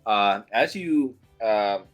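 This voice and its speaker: A man running a tabletop game as game master, narrating loosely with frequent pauses. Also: on the low side, expressive, soft background music. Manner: loose, halting narration with fillers.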